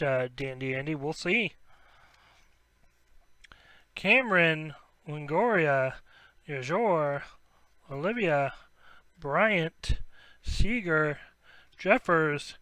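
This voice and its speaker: Male card-break host, high and bright, unhurried delivery between excited outbursts over hits. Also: no room sound. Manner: rattles off player names, bursts into excited shouts at big pulls. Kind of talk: live sports card break commentary.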